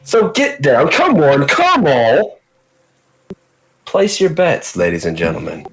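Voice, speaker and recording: A man's voice: mid-range voice, huge pitch swings, slow pace, a bit bright, slightly rough, full character voice, poor audio. A man voicing a showy male goblin bookie who hawks bets to a crowd. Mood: hawking. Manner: showman, hawking bets.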